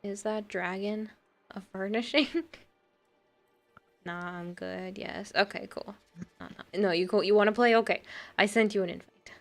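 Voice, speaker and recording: A woman's voice: medium pitch, fairly even intonation, moderate pace, creaky, pauses often. A woman livestreamer chatting casually and rambling as she plays a game and reads out her chat, often breaking into laughter. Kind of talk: casual chat while gaming and reading chat.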